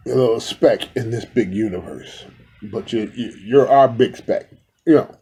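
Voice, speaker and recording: A man with a husky, somewhat breathy voice and a dark, mellow tone talks loosely to his own camera from indoors. He rambles and speaks to his viewers directly and affectionately, like a spiritual vlogger talking to his regulars. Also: mid-range voice, moderate pace. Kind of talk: casual talk to camera.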